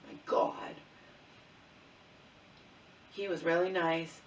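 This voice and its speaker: A woman's voice: on the low side, moderate pace, creaky, a little hiss or hum. A middle-aged woman vlogger telling an angry personal story with lots of swearing, often asking "okay?" and "you know?". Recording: distant mic in an echoey room.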